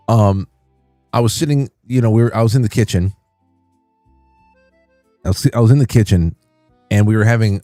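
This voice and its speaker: A man hosting a livestream, telling a rambling, animated story in casual chat. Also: on the low side, no echo, studio quality. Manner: rambling, animated, many restarts. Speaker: livestream host.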